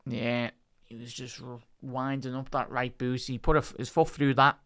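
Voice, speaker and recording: A man calls a football match live for his stream, talking straight to his viewers in a relaxed, chatty way and picking up when play gets going. His voice is smooth and clear, in the middle of the male range. The sound is dry, with no room echo. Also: medium pitch, moderate pace. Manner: chatty, talks to his chat between bursts of play-by-play; rises and speeds up on attacking moves. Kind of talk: casual live match commentary.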